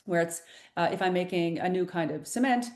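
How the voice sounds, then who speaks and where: A woman's voice: on the low side, a little fast, darkish tone, roomy sound. A woman presenting an informational webinar, explaining the program in a loose, conversational way with many fillers and restarts.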